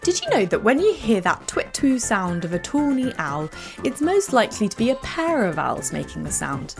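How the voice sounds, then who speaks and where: A woman with a British accent hosting a children's educational podcast, telling facts in a bright storytelling way. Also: on the high side, moderate pace, creaky, over music. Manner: bright, animated, storytelling to kids. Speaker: podcast host.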